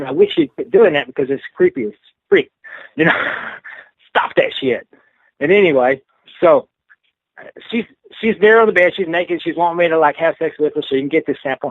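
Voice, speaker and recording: A man tells his story over a tinny, phone-like line, with a dry sound and no room around him. His voice sits a little high for a man. He rambles frankly and keeps dropping "you know" as he goes. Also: no room sound. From Texas. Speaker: interview guest. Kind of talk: casual storytelling.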